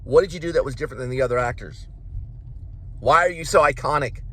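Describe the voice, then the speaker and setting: A man's voice: mid-range voice, fast, a bit bright, husky. A man hosting a casual vlog, lecturing in a rant full of rhetorical questions. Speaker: vlog host.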